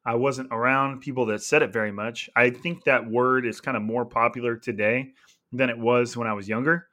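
Male podcast host from California, relaxed and rambling, laughs easily, mid-range voice. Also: mid-range voice, moderate pace. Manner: chatty, laughing, heavy on filler words. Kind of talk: casual sports podcast chat.

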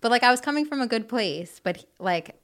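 A woman's voice: a little high, expressive, fairly quick, a bit bright. A woman in casual chat, telling a story in a chatty way with many fillers. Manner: chatty, filler-heavy with lots of "like".

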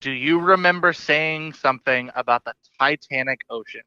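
A man co-hosting a casual chat, asking curious, quick questions with some stammering. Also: on the high side, sharp tone, clean tone, no room sound, muffled recording. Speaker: podcast co-host asking questions.

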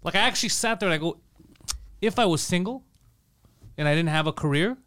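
Fast-talking excitable man. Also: high voice. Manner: fast, profane, excitable storytelling. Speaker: podcast co-host. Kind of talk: casual chat.

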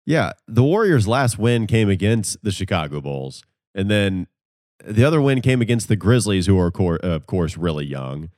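A man hosting a sports podcast, relaxed and steering the conversation with questions and quick recaps. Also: lowish voice, no echo, studio quality. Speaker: podcast host. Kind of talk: casual sports podcast chat.

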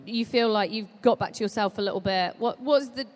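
A woman's voice: on the high side, brisk. A woman co-hosting a live podcast, making dry, teasing asides and asking her guest questions. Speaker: podcast co-host. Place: live stage at a large exhibition hall. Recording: long reverb of a large hall.

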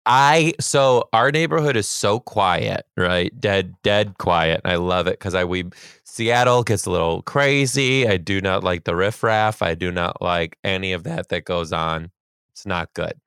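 A very deep-voiced man co-hosting a podcast, with gravelly fry under a smooth, resonant tone. He chats expressively and reacts with big, animated responses, recorded close in a dry space. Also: a little slow, no room sound. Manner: expressive, reacts loudly, laughs often. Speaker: podcast co-host. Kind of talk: casual chat.

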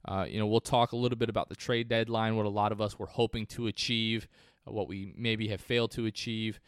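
A man's voice: fairly low pitch, little pitch movement, fairly quick, clear, resonant tone, no echo, clean studio sound. A man hosting a sports podcast, talking through a game in a casual, conversational way that wanders off on tangents. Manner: conversational, digressive. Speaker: podcast host.

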